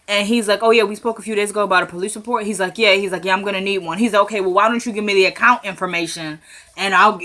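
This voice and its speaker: Woman, casual TV recap vlogger; bright, crisp tone; chatty, retells scenes line by line, animated asides to viewers. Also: mid-range voice. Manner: chatty, retells scenes in quick paraphrased dialogue; addresses viewers as "y'all", rising into animated commentary. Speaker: TV episode recapper.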